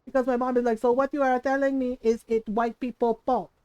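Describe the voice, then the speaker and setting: A high-pitched woman hosting a livestream from her home setup, a native Tagalog speaker telling a family story. She is animated, breaks into laughter often and swears freely. Her voice sits close and dry on the mic. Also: a little fast, smooth, dry recording, muffled recording. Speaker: livestream host.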